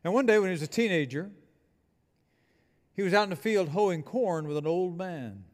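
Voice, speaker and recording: High-voiced emphatic preacher in an echoing hall. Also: male voice, animated, moderate pace. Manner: emphatic preaching with call-and-response. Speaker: pastor. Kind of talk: sermon. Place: church building.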